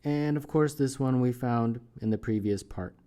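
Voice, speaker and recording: A man's voice: medium pitch, moderate pace, warm tone. A man teaching a math contest solution step by step, thinking aloud and often checking in with "right?". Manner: thinks aloud while working problems, often adds "right?". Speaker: math tutor. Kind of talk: screencast math tutorial.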